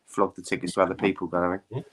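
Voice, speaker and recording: Man, panelist, lowish bright voice, rapid chatty patter, leans on tag questions. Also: flat delivery, breathy edge. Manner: quick, chatty, asks for agreement with tag questions. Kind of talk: casual chat about football.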